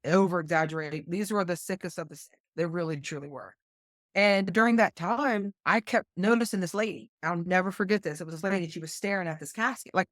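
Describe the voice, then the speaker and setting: The speaker is a middle-aged West Virginian and retired flight nurse who, as a podcast guest, earnestly recounts a personal story and acts out past dialogue. Her fairly low voice has a fairly bright tone, captured in studio quality without echo.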